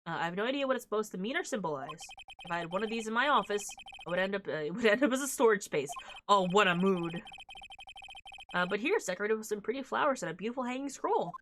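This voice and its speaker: A woman's voice: mid-range voice, animated, quick pace, a bit bright, slight background noise, rough recording. A young woman streamer giving casual let's-play commentary, musing about the scenery with little asides. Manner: chatty, reads scenery aloud, asides.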